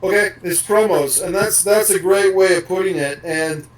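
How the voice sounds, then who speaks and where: A man's voice: high-pitched, moderate pace, recorded from a distance, rough recording. A man co-hosting a podcast, rambling casually and swearing now and then. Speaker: podcast co-host.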